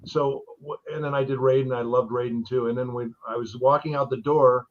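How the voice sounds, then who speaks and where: A man's voice: medium pitch, steady tone, fairly quick. A man telling enthusiastic anecdotes as a voice actor guest in a casual chat. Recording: dull lo-fi stream audio.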